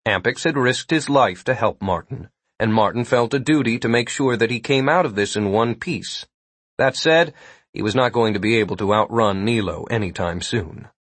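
A man's voice: mid-range voice, normal speed, a bit bright, breathy edge, no echo. A man narrating an audiobook in a wry storytelling manner, read on a close, dry mic.

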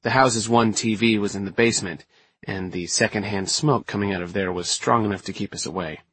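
A man reading a first-person story aloud in a steady, measured way. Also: lowish voice, husky, no echo. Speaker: audiobook narrator. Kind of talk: first-person scripted narration.

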